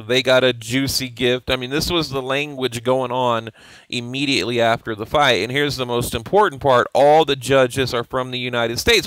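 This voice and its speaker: A man's voice: mid-range voice, a bit bright, clear, resonant tone, dry recording. A man hosting a boxing show, talking casually and bluntly over fight footage, swearing often and restarting his sentences. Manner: blunt, profane, repeats words and restarts.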